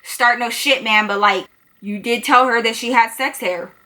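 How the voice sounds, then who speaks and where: A man's voice: very high voice, moderate pace, bright, forceful tone, a little hiss or hum, full character voice, low-quality recording. Woman doing a hesitant teenage boy. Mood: reluctant. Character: reluctant teenage boy witness.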